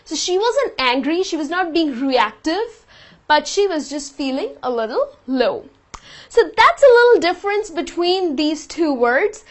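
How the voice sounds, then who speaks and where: A woman teaching a vocabulary lesson, patiently explaining word meanings with example sentences. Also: high-pitched. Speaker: English teacher.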